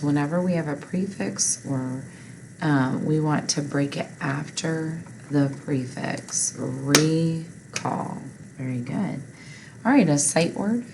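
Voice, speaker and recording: A woman's voice: sits low, slow, a little hiss or hum, poor audio. A woman teaching a phonics lesson, patiently reading word lists and spelling words out, asking listeners to repeat after her.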